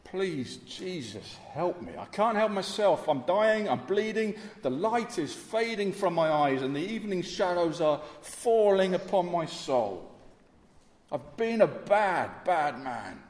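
A man's voice: sits high, sing-song, a little slow, voice pushed up. A man voicing a dying, repentant male criminal who pleads desperately for mercy, in an echoey hall. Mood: pleading.

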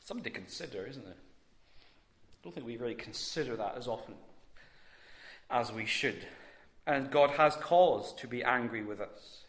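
Male preacher, deliberate and emphatic, bright voice, echoey room. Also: medium pitch, animated. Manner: measured, emphatic with long pauses. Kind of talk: sermon.

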